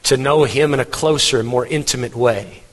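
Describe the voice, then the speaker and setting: Earnest pastor in a reverberant hall. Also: male voice, medium pitch, normal speed, a bit bright. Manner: earnest, emphatic preaching with repetition. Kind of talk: sermon. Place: church hall.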